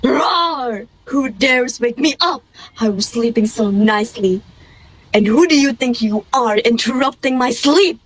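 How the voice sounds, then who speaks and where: A woman voicing an angry male lion king in a storytelling contest, roaring threats with a lowered voice. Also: lively intonation, unhurried, a little hiss or hum. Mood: enraged. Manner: growling threats.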